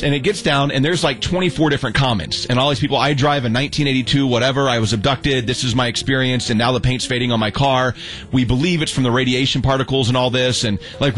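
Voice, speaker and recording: A young adult man telling a story in casual chat, animated and acting out the quotes, with many restarts. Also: medium pitch. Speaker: storyteller guest.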